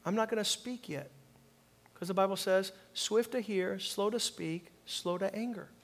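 A man preaching a sermon as pastor, calling on the congregation to repeat lines and swinging from quiet reflection to loud emphasis. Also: sits high, fairly even intonation, moderate pace. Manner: preaching with call-and-response, swings from soft to loud.

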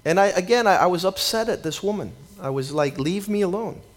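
A man preaching a sermon and telling his own story, often repeating words at the start of his phrases and dropping low and quiet when he acts out his younger self. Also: animated, brisk. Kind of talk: sermon with personal testimony.

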